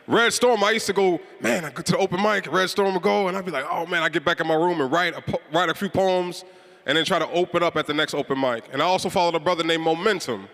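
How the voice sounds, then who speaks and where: A man with a Chicago accent hosts a live assembly, pumping up the crowd with call-and-response shout-outs. His voice sits high and bright. It rings out through a large hall with a long echo. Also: fast. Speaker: event host. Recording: reverberant hall.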